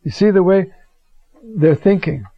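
An older man, acting as a Bible teacher, gives an informal lesson in a high-pitched voice at a slightly slow pace, telling folksy personal stories and repeatedly asking "you see?". The recording is dull, lo-fi, and dry.

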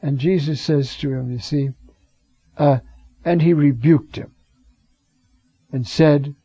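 A man's voice: fairly high pitch, slow, dark tone, slightly rough, no room sound. A man teaching from the Bible in a conversational way, with many fillers and restarts, reading out Greek phrases and acting out the voices he quotes. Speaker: preacher teaching scripture. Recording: dull lo-fi recording.

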